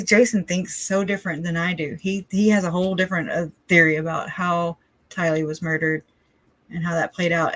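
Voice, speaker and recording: A woman's voice: lowish voice, no echo. A woman from the Southern United States hosting a casual livestream, rambling and chatty, often laughing between her thoughts. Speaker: livestream host.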